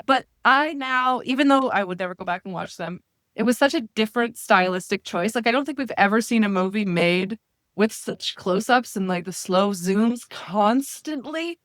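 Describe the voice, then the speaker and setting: A woman's voice: mid-range voice, expressive, moderate pace, a bit bright, no echo, studio quality. A woman guesting on a book podcast, joking casually and often restarting her sentences. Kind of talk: casual chat.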